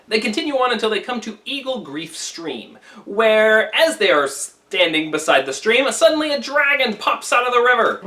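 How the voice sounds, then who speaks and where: A man teaching a classic story in a wry, casual, conversational way, pausing to comment on its meaning. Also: sits high, pushed and bright, distant mic. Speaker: literature teacher.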